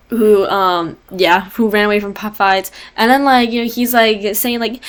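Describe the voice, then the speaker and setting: A woman's voice: mid-range voice, moderate pace, a bit bright. A young woman giving a casual book report presentation. She rambles, leans heavily on fillers and breaks off for jokey asides. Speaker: student presenter.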